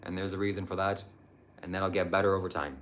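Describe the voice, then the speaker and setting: A man's voice: low voice, little pitch movement, fast talker, a bit bright, slight background noise. A young man hosting a live stream, answering viewer chat about spirituality in an earnest, meandering way with frequent hesitations.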